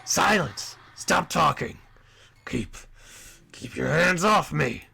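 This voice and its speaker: A man's voice: fairly high pitch, expressive, slow, gravelly, husky, full character voice. A man acting a frantic tormented beast-man. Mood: furious. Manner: frantic, shouting, breaking into despair. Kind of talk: dramatic reading of a visual novel. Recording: loud game music behind voice.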